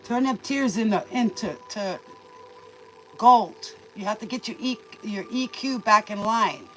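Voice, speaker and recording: A woman's voice: medium pitch, measured pace, a bit bright, slight background noise, poor audio. Folksy woman tarot reader, calls you baby. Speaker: tarot reader and livestream host. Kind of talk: casual spoken tarot reading.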